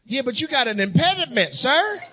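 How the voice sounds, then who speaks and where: A man doing stand-up crowd work on stage, loudly teasing and mocking audience members with banter. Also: very high-pitched, big pitch swings, fairly quick. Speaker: stand-up comedian. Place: comedy club stage. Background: audience laughter.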